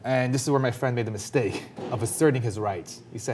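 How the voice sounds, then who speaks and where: A man commentator telling a personal story in a panel talk, earnest and emphatic, his intensity rising quickly. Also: mid-range voice, darkish tone, slight background noise.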